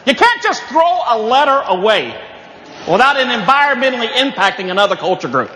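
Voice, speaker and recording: A man's voice: very high-pitched, sing-song, a little fast, bright, forceful tone, a little hiss or hum. A man from Appalachia doing a stand-up comedy set, telling folksy stories with punchy asides. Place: live venue. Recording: echoey hall with audience.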